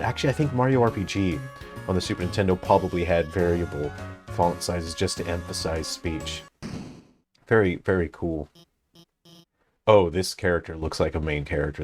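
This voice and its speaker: A game developer giving thoughtful, analytical commentary as he plays, thinking aloud with frequent fillers. His voice sits very low. Soft game music plays faintly behind him. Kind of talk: gameplay commentary.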